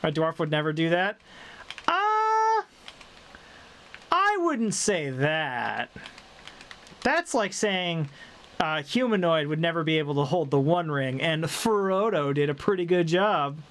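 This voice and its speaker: Slight background noise sits under this man's somewhat high, fairly bright voice, which moves at normal speed. He's streaming a game and casually joking around with viewers, laughing a lot, with a faint, mostly faded drawl from the American South.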